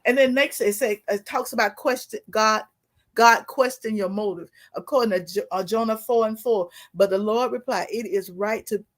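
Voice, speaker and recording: A woman's voice: medium pitch, moderate pace. A woman co-hosting a faith talk show, preaching in a sermon-like way, quoting scripture, with many restarts and fillers. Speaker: co-host.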